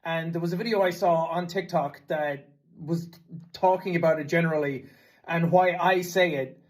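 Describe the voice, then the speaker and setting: A man's voice: fairly high pitch, fairly even intonation, moderate pace. A man in his thirties with an Irish accent, a YouTuber casually explaining to camera in a chatty, reflective, self-deprecating way. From Ireland.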